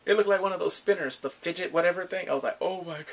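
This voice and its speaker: Guy excitedly recapping a drama, kinda gravelly and husky, laughs a bunch and does the characters' lines. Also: normal speed, pauses often. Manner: animated, laughs often, acts out characters' lines in a high voice. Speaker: drama reviewer. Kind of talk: casual episode recap.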